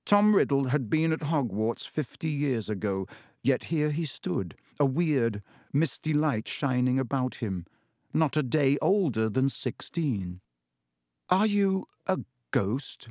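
Guy reading an audiobook, steady middle voice, dry close mic. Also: medium pitch, unhurried, dry recording. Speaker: narrator.

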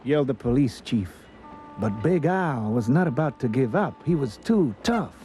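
Animated man reading a children's story. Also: medium pitch, normal speed. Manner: expressive, sound effects and voices. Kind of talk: children's story read-aloud. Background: background music.

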